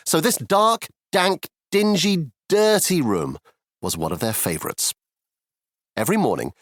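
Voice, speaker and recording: A man's voice: medium pitch, fairly bright tone, dry recording, clean studio sound. A man narrating a children's audiobook in a playful way, with cheeky asides to the listener. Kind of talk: scripted children's storybook narration.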